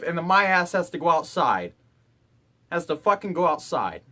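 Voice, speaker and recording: A man's voice: on the high side, fairly bright tone. A young man and college student ranting to camera in his dorm room, exasperated and profane. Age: young adult. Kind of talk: ranting vlog.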